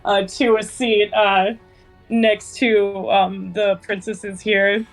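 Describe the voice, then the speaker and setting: A woman's voice: medium pitch, flat delivery, takes it slowly, soft background music, poor audio. A woman playing a tabletop game, describing her character hesitantly with many fillers. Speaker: player.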